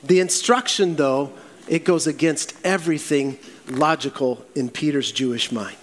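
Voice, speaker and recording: A man preaches from the pulpit in a raised, high voice, giving the Bible characters lively voices as he goes. His words ring out with a long reverb through a church hall. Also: moderate pace. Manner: animated preaching with acted Bible quotes. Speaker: pastor. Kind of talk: sermon.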